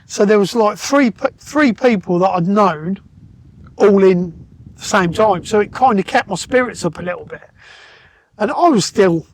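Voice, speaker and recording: High-voiced man, calm storyteller. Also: moderate pace. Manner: calm, matter-of-fact, retells dialogue. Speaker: podcast guest. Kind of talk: casual storytelling conversation.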